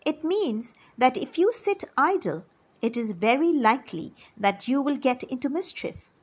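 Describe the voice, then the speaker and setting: A woman teaching children, telling a story slowly and explaining each new word as she goes. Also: sits high, lively intonation, slightly rough. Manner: slow and explanatory, defining words as she goes.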